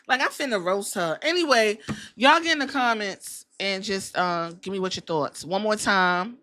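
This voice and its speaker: A woman's voice: mid-range voice, normal speed, sharp tone, a little hiss or hum. A woman hosting a casual podcast, talking bluntly with plenty of swearing and jokes. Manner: blunt, profane, joking. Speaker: podcast host. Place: Columbus.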